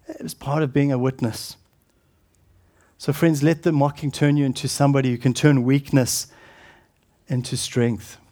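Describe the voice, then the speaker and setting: A middle-aged man preaching a sermon as pastor, earnest and often dropping to a hushed, solemn tone, with halting restarts. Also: medium pitch, fairly even intonation.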